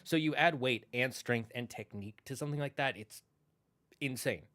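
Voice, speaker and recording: A man streams and chats casually, telling old myth stories in a rambling way and correcting himself as he goes. His voice is medium-pitched and fairly bright, at a moderate pace, with no room sound.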